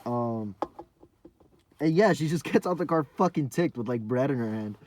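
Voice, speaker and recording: A young man hosting a podcast, telling a rambling, profane story in a casual monologue full of fillers, sometimes dropping to a low mumble. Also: lively intonation, moderate pace, a little mellow. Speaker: podcast host.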